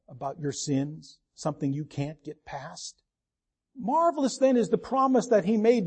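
An older man preaching a sermon as pastor, stretching key words for emphasis and dropping into soft, low asides. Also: husky.

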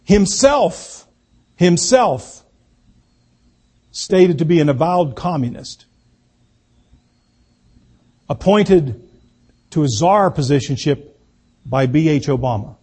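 A man delivers a political speech at a deliberate, unhurried pace. His voice sits high for a man and has a husky edge. He leans on repetition, saying key words again and again for emphasis. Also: animated, darkish tone. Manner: slow, emphatic, repeats key words for effect. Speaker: political speaker.

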